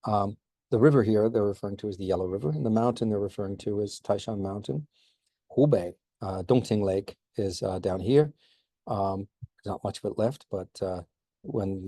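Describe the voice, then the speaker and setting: A man giving a relaxed recorded slideshow lecture on history, informal, with many fillers and restarts. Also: on the low side, slightly rough, dry recording.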